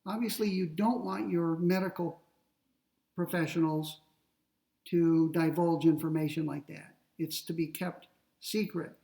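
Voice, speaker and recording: A man lecturing on ethics, explaining step by step in a deliberate way and slowing down to read quoted passages. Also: fairly high pitch, steady tone, gravelly, dark tone, far from the mic, rough recording. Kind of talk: classroom lecture.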